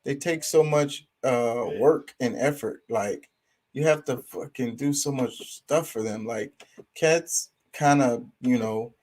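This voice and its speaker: A man's voice: medium pitch, slow pace, a little mellow. A man talking casually and profanely about pets, rambling with lots of fillers. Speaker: streamer. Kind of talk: casual opinion talk.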